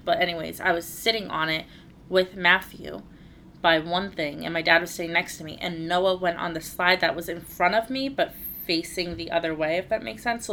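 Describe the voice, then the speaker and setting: A woman's voice: on the low side, a bit bright, slight background noise. A woman in her thirties, co-hosting a podcast, telling a story in casual chat with laughs and swearing. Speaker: podcast co-host.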